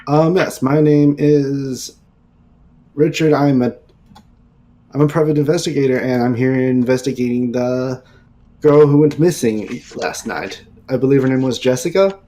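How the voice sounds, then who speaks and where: A man's voice: medium pitch, normal speed, mellow. A man role-playing a private investigator in a tabletop game, with dry, wry remarks. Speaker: player.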